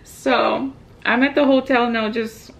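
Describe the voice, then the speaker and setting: Speaking from a hotel room where she's vlogging, this young woman tells her family a story on a phone video call. Her pitch is fairly high and her intonation fairly even, with some vocal fry. It's casual video call chat, full of chatty storytelling and quick laughs.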